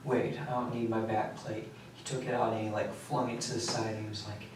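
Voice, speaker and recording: Quiet teenage man in an echoey room. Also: lowish voice, little pitch movement. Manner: quiet, halting, with many fillers. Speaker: suspect under interrogation. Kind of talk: recounting events in a police interview. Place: interrogation room. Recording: echoey room, distant mic, faint hiss.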